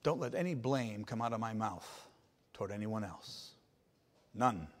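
A male pastor preaching a sermon, emphatic, repeating his points and building to loud climaxes. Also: on the low side, lively intonation, measured pace.

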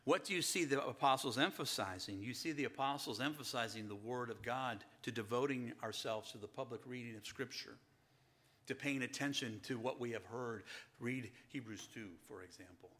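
A middle-aged pastor preaching an earnest sermon and asking the congregation rhetorical questions. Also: male voice, medium pitch, moderate pace, fairly bright tone.

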